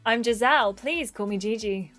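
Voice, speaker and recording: A woman's voice: on the high side, moderate pace, fairly bright tone, faint music behind, lightly acted. A woman reading as a bold young influencer. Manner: confident, bossy.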